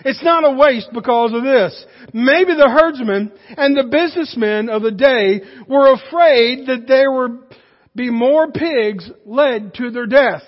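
A high-pitched man delivers a sermon as a folksy, animated storyteller. His voice rings through a large hall with a long echo. The recording is dull and muffled. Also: unhurried. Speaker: pastor.

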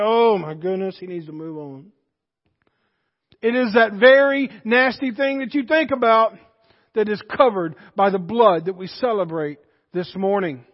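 A male pastor giving an impassioned sermon in a church, swinging between shouted exhortation and hushed intensity, in a dull recording with long reverb. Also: extremely high pitch. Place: church sanctuary.

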